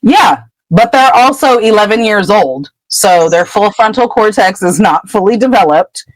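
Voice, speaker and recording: Animated woman retelling a story. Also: mid-range voice, normal speed, dry recording, low-quality recording. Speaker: podcast co-host. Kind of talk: casual retelling of a book chapter.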